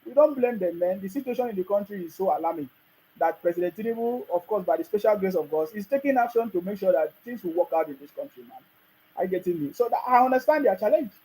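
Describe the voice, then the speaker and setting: Brief: Nigerian man, very high voice, scolding political commentary, laughs often. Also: lively intonation, quick pace, warm tone, rough recording. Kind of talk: ranting monologue.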